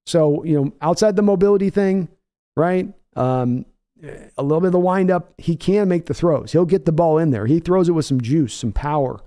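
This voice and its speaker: Brief: rambling male stream host, warm-toned, casual play-by-play. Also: a little high, moderate pace. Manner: rambling, filler-heavy. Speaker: podcast host. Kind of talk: casual live chat with play-by-play.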